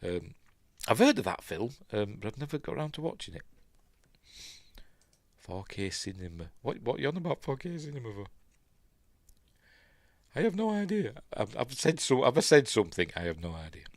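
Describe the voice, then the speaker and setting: A man's voice: mid-range voice, expressive, fairly quick, no room sound. An older man with a Yorkshire accent, hosting a casual news live stream, rambling and reading chat comments aloud. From Yorkshire, England.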